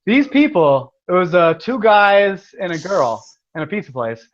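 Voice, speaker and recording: Guy hosting a stream, swears a lot, rambles, kinda high voice, muffled lo-fi sound. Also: sing-song, unhurried. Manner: profane, rambling. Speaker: host. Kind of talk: casual live-stream chat. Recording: dull lo-fi stream audio.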